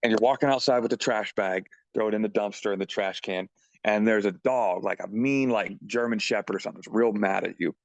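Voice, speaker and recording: A man's voice: fairly low pitch, brisk, no room sound, dull audio. Rambling, jokey male musician. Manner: rambling, jokey, many restarts and "like"s. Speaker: musician guest. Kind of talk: casual interview chat.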